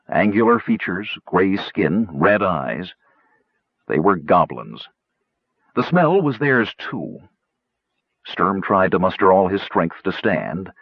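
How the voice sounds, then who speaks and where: A man's voice: sits low, sing-song, takes it slowly, husky, no echo, highs cut off. A man reading a fantasy novel aloud as narrator, with a dramatic, varied delivery. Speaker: audiobook narrator.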